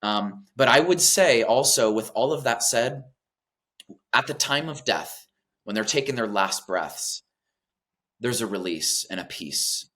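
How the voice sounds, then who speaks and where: A man speaking as a guest in an interview about his work as a death doula, talking earnestly and gently, often pausing with fillers. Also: mid-range voice, animated. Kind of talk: reflective interview talk.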